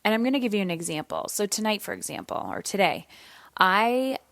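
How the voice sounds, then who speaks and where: A woman's voice: mid-range voice, expressive, brisk, vocal fry, a bit bright, no echo. A woman in her thirties hosting a solo podcast, talking candidly and casually with some swearing, tired and yawning. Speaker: podcast host.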